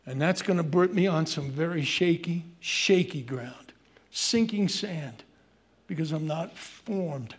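A man preaching a sermon, swinging from loud emphasis to hushed pleading as he addresses his congregation. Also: fairly high pitch, expressive, normal speed, breathy edge. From Irish heritage. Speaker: pastor.

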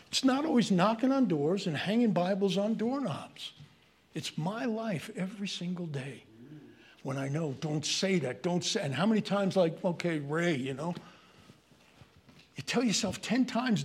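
An older man with a New York accent, preaching a sermon in an animated, joking way that turns into rants. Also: high-pitched, breathy edge. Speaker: pastor.

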